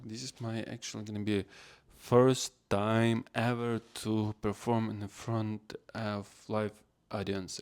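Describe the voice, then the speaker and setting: A man's voice: on the low side, a little mellow. A man hosting a casual solo podcast, rambling in non-native English phrasing. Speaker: podcast host.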